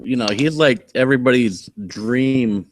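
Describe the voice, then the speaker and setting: A man's voice: medium pitch, a little slow, a little hiss or hum. A man from Oregon hosting a casual live stream, chatty and rambling as he thinks aloud. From Oregon, USA. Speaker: host.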